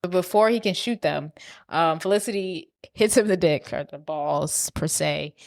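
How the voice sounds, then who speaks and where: Low-voiced woman casually recapping a film. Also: normal speed, creaky, no echo. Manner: loose retelling with fillers, slipping into quoted voices. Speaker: podcast co-host. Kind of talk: casual chat recapping a movie plot.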